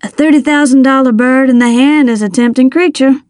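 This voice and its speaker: A woman voicing a relaxed grown man who builds race cars, in an audiobook. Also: high voice, a little fast, no echo, studio quality, natural voice. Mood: easygoing.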